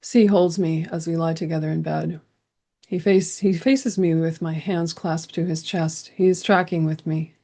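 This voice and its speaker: Woman reading her own journal out loud, low voice w/ lots of vocal fry, earnest and kinda halting. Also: steady tone. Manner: intimate, earnest, halting with restarts. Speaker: host sharing a personal account.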